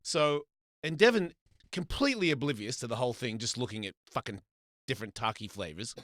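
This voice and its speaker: A middle-aged man hosting a live stream, telling an animated, profane story in casual chat. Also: medium pitch, a little fast, no echo. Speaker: host.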